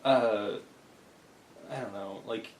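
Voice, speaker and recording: Here the same man co-hosts a podcast slowly and steadily, his voice on the low side, chatting loosely and eagerly while frequently starting sentences over. Faint ambience echoes around the room, with a little background noise.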